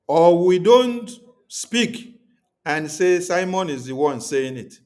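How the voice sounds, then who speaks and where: Guy on a livestream, kinda high voice, hammering his points over and over. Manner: emphatic, repetitive, preaching tone. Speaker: livestream host. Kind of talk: livestream talk to viewers.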